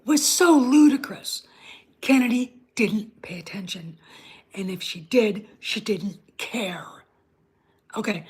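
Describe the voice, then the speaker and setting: A woman speaks slowly in a husky, medium-pitched voice while hosting her own online show. It's a casual livestream rant, blunt and heavy on swearing, directed right at her live chat.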